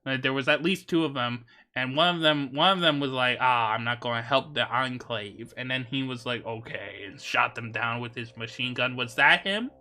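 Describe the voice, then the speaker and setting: A man's voice: medium pitch, brisk, bright, forceful tone. A man streaming a video game, chatting casually, joking and laughing often. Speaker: VTuber streamer. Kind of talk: casual gaming commentary.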